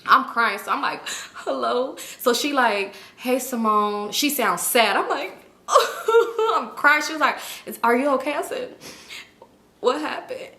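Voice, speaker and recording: A young woman tells a personal story straight to her viewers, chatty and full of slang. Her voice is bright and forward, and the room around her echoes. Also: high voice, expressive, unhurried. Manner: chatty, slangy, addresses the audience as "y'all". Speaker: storytime vlogger.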